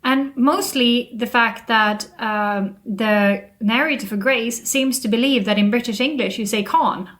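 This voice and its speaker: A woman's voice: fairly high pitch, a little slow, few pauses, fairly bright tone. A woman hosting a podcast, chatting casually about books in an opinionated, rambling way. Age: adult. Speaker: podcast host. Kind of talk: casual book chat.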